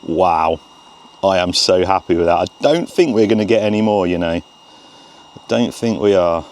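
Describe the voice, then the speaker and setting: A man testing a remote-control car outdoors by a road, chattering excitedly to himself as he films. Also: low-pitched, moderate pace. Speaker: RC car vlogger. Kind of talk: casual self-narration while testing.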